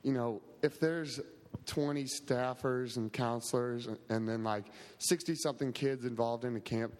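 A man's voice: medium pitch, steady tone, normal speed, a little mellow. A man on a church camp staff giving a casual, grateful testimony to a congregation, full of "like" and "um". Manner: casual, grateful, many fillers. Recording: long hall reverb.

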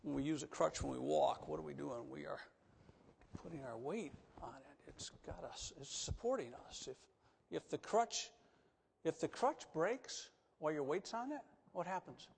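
High-voiced man preaching in an echoing church. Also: moderate pace, vocal fry, a little hiss or hum. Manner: animated, swinging from loud emphatic preaching to soft coaxing asides. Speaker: pastor. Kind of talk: sermon. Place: church sanctuary. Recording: long reverb of a church hall.

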